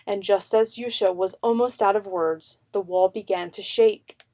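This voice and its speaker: A woman narrating a children's picture book in an unhurried, expressive way. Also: mid-range voice.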